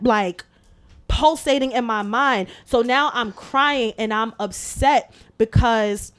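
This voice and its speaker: A woman hosting a podcast, telling a story in casual, animated chat full of swearing. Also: fairly high pitch, takes it slowly. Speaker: podcast host.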